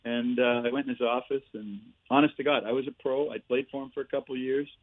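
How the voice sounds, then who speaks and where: In this storytelling interview, a guest in his sixties who once played and coached hockey rattles off animated anecdotes, laughing and ending lines with "eh." He's a fast talker with a medium-pitched voice, coming through a thin, phone-like connection that sounds dry and close.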